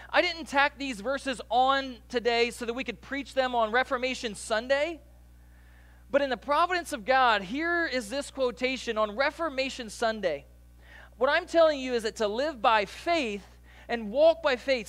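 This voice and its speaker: A man delivers a sermon in a strikingly high voice. He keeps it conversational, dropping casual asides and quick jokes as he talks the congregation through scripture. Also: a bit bright. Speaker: pastor.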